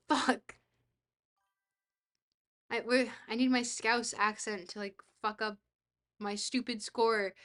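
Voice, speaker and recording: A young woman streaming a geography guessing game, reacting excitably, swearing freely and talking to her chat. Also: on the high side, slow, pauses often. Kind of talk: casual live-stream chat while playing a geography game.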